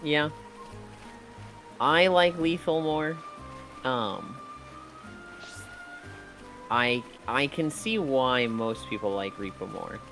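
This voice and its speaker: A man's voice: mid-range voice, lively intonation, extremely slow, long pauses, a bit bright, soft background music. A man chatting casually while playing a game, telling rambling stories and acting out his friends' lines. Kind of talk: casual gaming chat.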